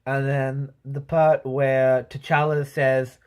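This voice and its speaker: Male vlogger, casual off-the-cuff movie review, chatty and meandering, mid pitch. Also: level tone, takes it slowly, a little mellow, smooth. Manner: rambling, full of "um" and "you know"; voices sound effects and quotes while telling.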